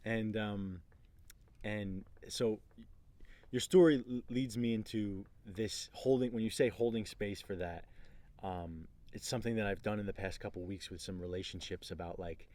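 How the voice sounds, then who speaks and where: A man co-hosting a casual conversation, telling an animated story with frequent restarts. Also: on the low side, moderate pace. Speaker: podcast co-host.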